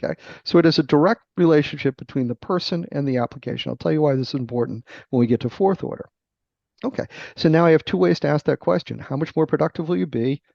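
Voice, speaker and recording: A middle-aged man with a gravelly voice, a guest author explaining sales ideas in a teacherly, emphatic interview manner. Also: on the high side, fast talker, a little mellow, no echo. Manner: emphatic, teacherly, checks in with "right?". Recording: dull lo-fi dry remote audio.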